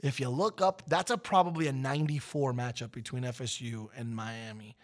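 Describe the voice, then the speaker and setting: Brisk and medium-pitched, a man in his forties co-hosting a radio show tells a story during casual talk. He's animated, dramatizing the lines of the people involved in a loud voice.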